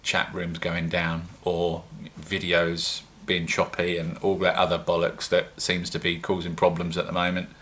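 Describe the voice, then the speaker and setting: A man with a British accent talks to his viewers in a loose, rambling vlog. His voice sits low yet comes across bright and forward, and he pokes fun at himself as he chats. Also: monotone, moderate pace, few pauses. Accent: British English. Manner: chatty, rambling, self-mocking. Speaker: home-brewing vlogger. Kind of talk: casual solo vlog.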